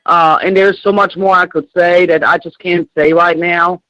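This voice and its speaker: A woman's voice: fairly low pitch, fairly even intonation, normal speed, a bit bright, dry recording, lo-fi sound. An older woman, a grieving grandmother, speaking angrily and bluntly as a guest on a call-in show, swearing and repeating herself. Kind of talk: emotional interview on a call-in show.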